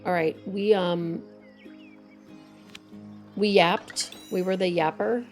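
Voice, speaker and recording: A woman's voice: fairly low pitch, steady tone, slow, soft background music. A woman streaming a game live, chatting and thinking aloud with many fillers.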